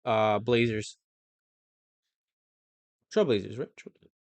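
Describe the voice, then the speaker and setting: A young man doing a football quiz on a live stream speaks slowly in a fairly low voice with vocal fry, and there's no room sound. Stuck moments draw muttering and swearing from him.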